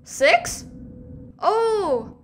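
A woman's voice: very high voice, very animated, extremely slow, slight background noise. A young woman commenting on a game she is playing, playful, talking to the characters on screen, with sudden yelps. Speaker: gaming commentator. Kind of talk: let's play commentary.

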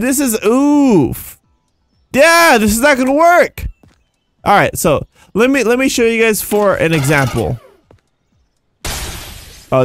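A young man giving casual, rambling gameplay commentary as a YouTuber, excitable and jumping between high and low. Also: no echo, clean studio sound. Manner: excitable, rambling, jumpy pitch swings. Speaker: gaming YouTuber.

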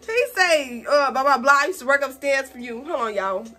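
High, bright-voiced young woman telling a story. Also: brisk, faint music behind. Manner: animated, slangy, acts out quotes in a higher voice. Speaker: beauty vlogger. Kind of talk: casual storytime while doing makeup.

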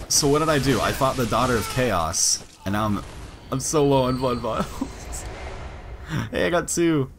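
A young man talks through a game in casual let's-play style, his pitch jumping all over as he reacts. He swears and yelps during tense moments. A faint hiss of noise sits under the recording. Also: expressive, moderate pace. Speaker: gaming let's-play host. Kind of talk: casual gameplay commentary.

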